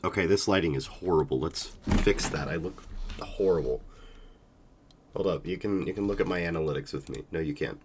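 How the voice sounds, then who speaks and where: A man's voice: low-pitched, brisk, a little hiss or hum. A young man streaming a game, talking casually and rambling with many hesitations, sounding sick and tired. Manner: rambling, hesitant, self-deprecating. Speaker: gaming streamer.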